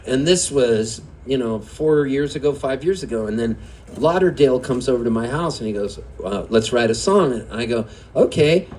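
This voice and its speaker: A man's voice: mid-range voice, lively intonation, normal speed, darkish tone, slight background noise. Chatty man rambling through a stage story. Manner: rambling, chatty, laughs often. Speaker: singer-songwriter telling a story on stage. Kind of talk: live stage storytelling between songs. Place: live music venue.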